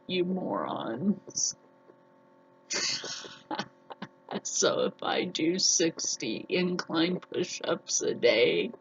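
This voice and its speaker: A woman's voice: lowish voice, gravelly, a bit bright, lo-fi sound. A woman chatting casually to the camera as a sewing vlogger, defiant and chatty. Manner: chatty and defiant, with frequent laughs.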